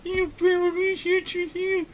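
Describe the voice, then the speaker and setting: A man putting on the voice of a wild, excitable male scientist, shrill and manic, with halting repeats. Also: dull audio, a little hiss or hum. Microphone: headset.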